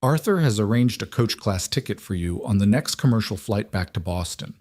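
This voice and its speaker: A man's voice: on the low side, dry recording, clean studio sound, close to an everyday voice. Man reading as a cold composed royal woman. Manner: flat, cold, measured.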